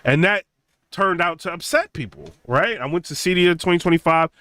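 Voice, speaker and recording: A young man hosting a home theater channel tells an animated story in casual talk, full of "you know" and "right?" and acting out other people's lines. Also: moderate pace, no room sound. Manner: conversational, many fillers like "you know" and "right?"; acts out quotes of others in a raised, mocking pitch. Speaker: tech channel host.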